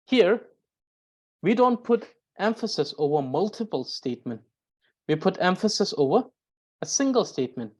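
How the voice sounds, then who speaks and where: A woman with a fairly low voice lectures on grammar in an unhurried, careful way. She circles back to restate each point and pauses with small fillers as she thinks. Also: darkish tone. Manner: careful, repeats and rephrases points, frequent "uh". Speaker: Tibetan grammar teacher.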